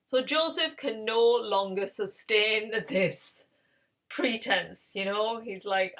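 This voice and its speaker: A woman casually retelling a Bible story in her own words, animated and acting out the characters as she goes. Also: medium pitch, takes it slowly. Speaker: Bible reading series host.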